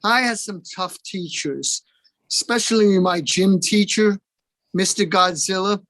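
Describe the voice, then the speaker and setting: A man telling deadpan stand-up one-liners over a video call at an open mic. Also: high voice, measured pace, dry recording.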